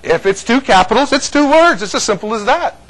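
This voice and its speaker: A man from California teaches scripture to a small group in a loose, joking way, often laughing between points. His voice sits fairly high and swings widely up and down. He keeps it chatty and informal rather than preachy. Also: lively intonation, a little fast, fairly bright tone, low-quality recording. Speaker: Bible teacher.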